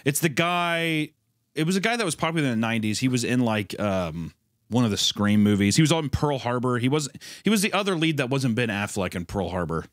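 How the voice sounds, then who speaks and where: A man co-hosting a podcast in casual chat, telling a story in a rambling, animated way. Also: mid-range voice, brisk, dry recording, clean studio sound. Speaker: podcast co-host.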